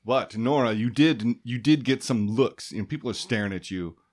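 A man narrating as game master of a tabletop game, relaxed and rambling with many fillers. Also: medium pitch, normal speed.

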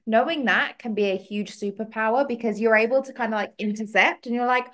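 Woman, podcast co-host, playful, acts out voices, somewhat high pitch. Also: fairly quick, fairly bright tone. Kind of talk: casual podcast chat.

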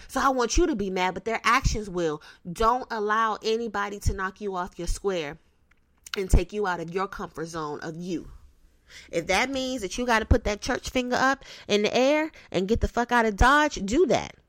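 A woman's voice: on the high side, fairly bright tone, no echo. A young woman hosting a podcast, giving blunt, profane, streetwise advice in a casual way. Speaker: podcast host.

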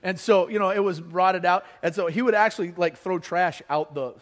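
Lively middle-aged man preaching with humor. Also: moderate pace. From Colorado. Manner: humorous storytelling, energetic, drops low and soft for earnest appeals. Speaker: pastor. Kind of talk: sermon.

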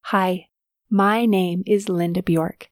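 An older woman hosting her own podcast and reading aloud from her memoir in a calm, measured way. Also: lowish voice, no room sound, clean studio sound. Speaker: podcast host and author.

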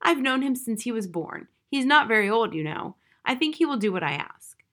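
A gentle, wise old white mouse, as a woman puts him on in a read-aloud, pitched noticeably higher than the narration. He speaks in a cordial, reassuring way, like a trusted elder. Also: big pitch swings, normal speed.

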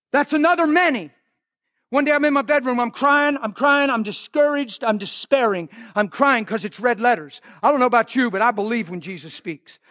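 A man preaching a sermon as pastor, fervent, swinging between shouts and hushed passages. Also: extremely high pitch, fairly quick, no room sound, studio quality.

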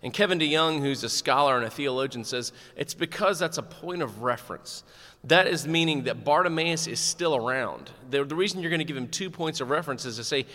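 Bright-voiced man preaching in a church. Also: fairly high pitch, fairly quick, in a large hall. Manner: animated, conversational preaching with humor. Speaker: pastor. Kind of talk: sermon.

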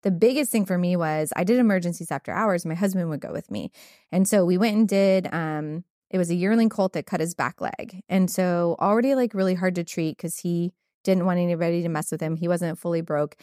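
Woman, veterinarian, casual candid storytelling, lowish pitch, dry recording. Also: a little fast, warm tone, no room sound. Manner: candid storytelling with many fillers. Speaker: podcast host, veterinarian. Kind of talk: casual conversation.

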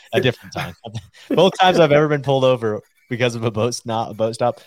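A man's voice: medium pitch, brisk, crowd noise. A man in a casual fishing chat, telling an easygoing story about getting pulled over. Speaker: show regular.

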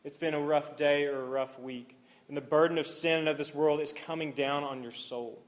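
A young male pastor delivers an earnest sermon in a slightly raised voice. He builds to swelling, emphatic passages, then drops to soft, near-hushed lines. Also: a little high, steady tone, moderate pace. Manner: earnest, swings from rising intensity to near-hushed softness.

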